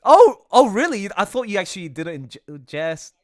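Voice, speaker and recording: A man streaming live and chatting casually, excitable, laughing often and trailing off mid-sentence. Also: high voice, fairly quick. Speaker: streamer and artist. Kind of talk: casual livestream chat.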